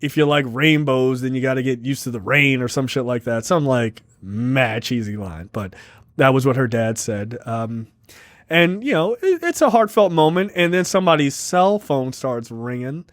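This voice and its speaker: A man's voice: medium pitch, animated, moderate pace, no echo, clean studio sound. A man co-hosting a movie review podcast, recapping the plot casually with lots of fillers and joking asides. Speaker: podcast co-host.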